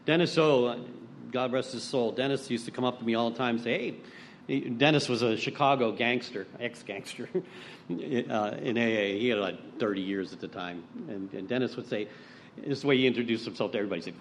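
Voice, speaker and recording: A middle-aged man speaking at a recovery meeting, telling blunt stories with some swearing. His voice sits at an ordinary middle pitch. Faint noise runs under his speech. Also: fairly quick. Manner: blunt, profane storytelling; acts out quoted voices. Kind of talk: personal recovery talk.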